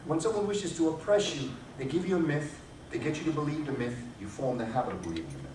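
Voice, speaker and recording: A man delivers a public lecture to an audience, emphatic and preacher-like, hammering his points home through repetition. His fairly high voice is animated and fast, captured from a distance in an echoey hall with noise.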